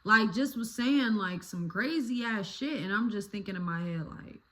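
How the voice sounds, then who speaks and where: A woman's voice: mid-range voice, moderate pace, sharp tone. A young woman telling a story to her phone camera, chatty and loose, swearing freely and filling with "like" and "you know". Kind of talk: casual storytime vlog. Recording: roomy phone recording.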